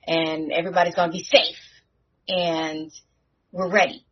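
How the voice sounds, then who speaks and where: A woman hosting a casual podcast recap, talking in an animated, slangy way with frequent restarts. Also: fairly low pitch, normal speed, highs cut off, soft background music. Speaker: podcast host recapping a TV episode.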